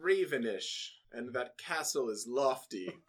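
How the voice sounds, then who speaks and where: A man's voice: medium pitch, lively intonation, a little slow. A man playing a tabletop game, speaking as a grandiose, formal adventurer. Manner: grandiose, formal old-fashioned speech. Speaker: player.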